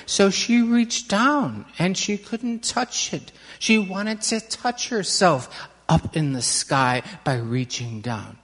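Unhurried children's-message storyteller, long reverb in a large sanctuary. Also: medium pitch. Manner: slow, questioning the children, dramatic pauses.

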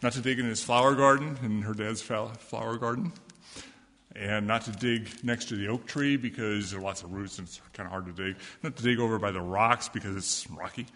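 A man telling a story to children in a service, lively and asking them questions. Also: on the low side, a little fast. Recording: echoey hall with long reverb.

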